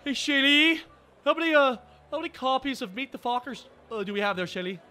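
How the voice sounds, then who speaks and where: A man briefly voicing a distracted middle-aged cartoon father who calls out questions in a halting, rambling way. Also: very high-pitched, expressive, bright, forceful tone, pitched above the performer's own voice, exaggerated voice.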